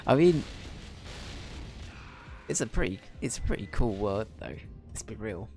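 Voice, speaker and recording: A man's voice: fairly low pitch, expressive, unhurried, pauses often, a little mellow, soft background music. A young man chatting casually on a game stream, rambling and swearing as he jokes with chat. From Britain.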